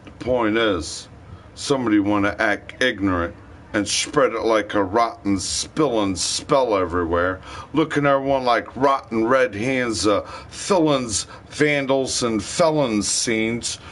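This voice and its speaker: A man's voice: fairly low pitch, measured pace, fairly bright tone. A man livestreaming a rambling, profane rant in heavy slang.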